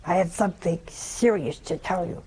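A woman's voice: on the low side, normal speed, mellow, pitched below the performer's own voice, lightly acted. A woman doing a grumpy suspicious wife. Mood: incredulous.

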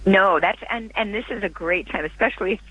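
A man speaking as a guest author on a radio interview, earnest and reflective, pausing and restarting as he thinks. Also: sits high, muffled recording.

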